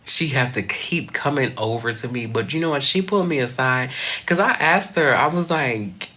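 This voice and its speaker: A young man vlogs casually to his camera, keeping a moderate pace. He is expressive, his voice shooting high and loud before occasionally falling to a soft whisper.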